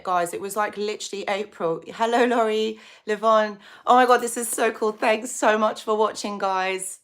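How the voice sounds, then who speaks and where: A woman hosting a casual live stream, chatting warmly and greeting viewers by name. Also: mid-range voice. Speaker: psychology channel host.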